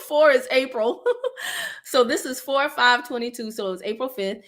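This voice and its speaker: A woman's voice: on the high side, lively intonation, measured pace, a bit bright. A woman in her thirties hosting a casual livestream, talking candidly with viewers, reading their comments aloud and laughing often. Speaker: online business coach and livestream host.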